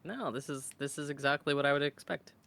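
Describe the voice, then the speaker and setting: A man's voice: on the high side, fast talker, vocal fry, crowd noise. A man joking around as a player in a tabletop game.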